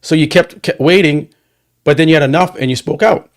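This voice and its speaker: Man, podcast host, casual chat, animated, repeats words, encouraging. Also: fairly high pitch, a little fast. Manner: animated, repetitive restarts, supportive.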